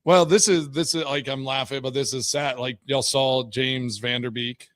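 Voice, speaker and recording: A man's voice: medium pitch, fairly even intonation, moderate pace, fairly bright tone. A man hosting a sports talk radio show, rambling along with lots of "like" and "you know" as he chats. His voice sits in a middle register, and the studio sound is close and dry with no room echo. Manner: rambling, chatty, many fillers and restarts. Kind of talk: casual sports radio chat. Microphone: studio microphone.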